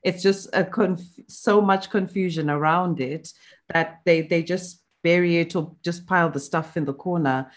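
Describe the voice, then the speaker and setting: A woman hosting a podcast interview, chatting casually with lots of fillers and quick to laugh. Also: on the low side, steady tone. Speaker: podcast host.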